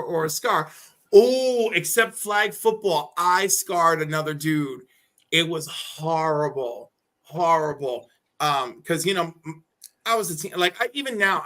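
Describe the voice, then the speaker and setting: A man chatting casually on a stream, telling animated stories and acting out the people in them. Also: sits high. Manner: animated storyteller who acts out voices in his anecdotes. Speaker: guest on a collectibles stream. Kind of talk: casual chat, storytelling.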